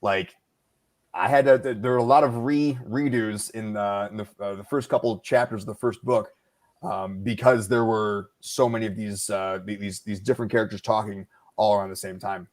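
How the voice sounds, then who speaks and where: A man who narrates audiobooks, a podcast guest explaining his craft in a halting, thoughtful way. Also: on the low side, steady tone. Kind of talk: casual conversation.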